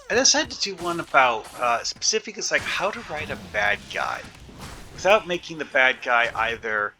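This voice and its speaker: A man talks casually over his own gameplay, thinking aloud as he goes. His voice is very bright and edgy, and his pitch jumps around a lot. He rambles and fills gaps with plenty of ums and restarts. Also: slight background noise. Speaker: gaming video creator.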